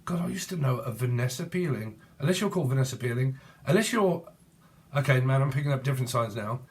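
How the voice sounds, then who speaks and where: A man's voice: medium pitch, lively intonation, quick pace, darkish tone. A man, giving a rambling, casual tarot reading and free-associating while swearing freely. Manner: free-associating, swears, breaks into song snatches. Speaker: tarot reader.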